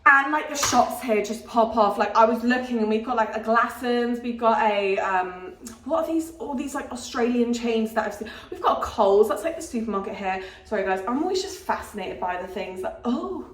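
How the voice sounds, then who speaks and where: Young woman, giggly travel vlogger, bright high voice. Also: lively intonation, normal speed, echoey room. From Britain. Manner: bubbly, rambling, giggly. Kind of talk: casual vlog chat and scripted travel narration.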